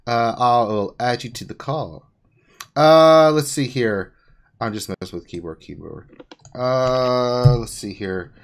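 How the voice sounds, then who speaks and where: Joking man hosting a live call. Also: mid-range voice. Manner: teasing, animated, jumps between joking and reading questions. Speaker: host of a live Q&A stream. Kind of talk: casual group chat on a call.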